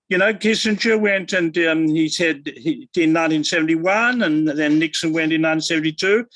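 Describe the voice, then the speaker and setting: An older male academic answering interview questions in a halting, thoughtful way, with many fillers and restarts. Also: high-pitched, a bit bright, no echo, rough recording. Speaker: guest academic.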